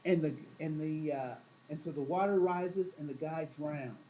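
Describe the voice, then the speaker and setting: A man's voice: fairly high pitch, normal speed, mellow, muffled recording, a little hiss or hum. A man teaching a class in a casual, storytelling way, often asking the room questions and acting out quoted voices. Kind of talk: classroom talk to students.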